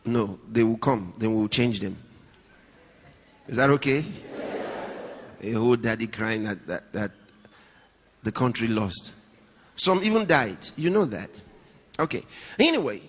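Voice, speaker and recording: A male pastor preaching a sermon to a live congregation, swinging between raised, high emphasis and hushed, low storytelling, and putting questions and asides to the audience. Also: sing-song, unhurried, long pauses. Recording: long hall reverb.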